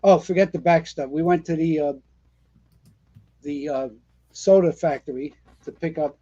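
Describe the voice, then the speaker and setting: A man's voice: a little high, normal speed, lo-fi sound. A man, a retired fire captain telling stories in a casual interview, rambling with lots of fillers and restarts. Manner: animated storyteller, rambling with many fillers and restarts.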